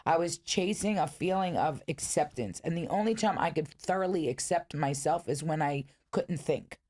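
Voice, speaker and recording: A woman's voice: low voice, normal speed, darkish tone. A middle-aged woman hosting a podcast, talking bluntly and emphatically in a candid interview. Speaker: podcast host.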